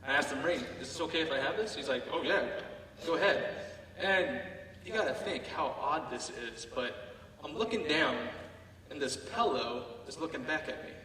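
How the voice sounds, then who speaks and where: Male veteran storyteller, bright tone, playful delivery, distant in a reverberant hall. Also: on the high side, animated, normal speed, a little hiss or hum. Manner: playful, comic storytelling with acted-out asides. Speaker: military veteran telling his story on stage. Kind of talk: staged personal storytelling. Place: theater stage, heard from the audience.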